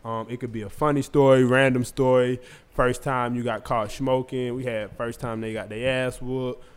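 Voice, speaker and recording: A man hosting a casual group podcast, relaxed as he introduces the next segment. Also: medium pitch, moderate pace, clear, resonant tone. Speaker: podcast host.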